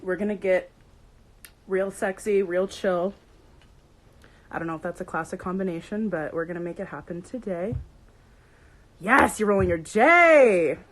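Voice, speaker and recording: A woman's voice: on the low side, steady tone, normal speed, pauses often, darkish tone, poor audio. A young woman hosting a casual livestream, bubbly and playful, greeting viewers by name. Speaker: livestream host.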